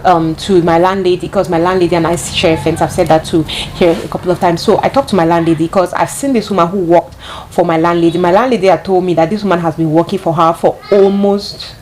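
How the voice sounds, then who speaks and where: Woman, storytime vlog, lowish voice, chatty, talks to viewers, faint background hiss. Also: fairly even intonation, fast, a little mellow, poor audio. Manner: chatty, addresses viewers directly, repeats herself for emphasis. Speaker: vlogger. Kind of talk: storytime monologue.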